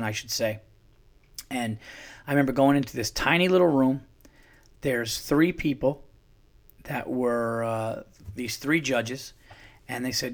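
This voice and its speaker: A comedian from New York, a man telling a long story casually, rambling and swearing with many restarts. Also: mid-range voice. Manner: rambling, profane, with frequent restarts. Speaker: comedian, podcast host.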